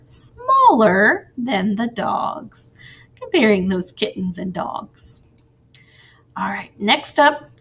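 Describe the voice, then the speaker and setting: A woman teacher giving a recorded grammar lesson to young children, slow and sing-song, with soft encouraging asides. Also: medium pitch.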